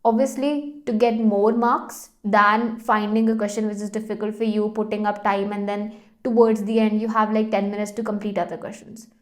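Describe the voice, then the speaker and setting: A woman's voice: medium pitch, flat delivery, moderate pace. A young woman with an Indian English accent, giving exam tips as a French tutor in an explanatory, emphatic way with varied intonation.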